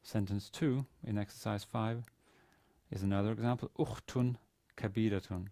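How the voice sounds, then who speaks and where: In this recorded university lecture on classical Arabic grammar, a man explains things step by step, often using fillers and restarting. He speaks at a moderate pace with a lowish, dark voice and fairly even intonation, with no room sound.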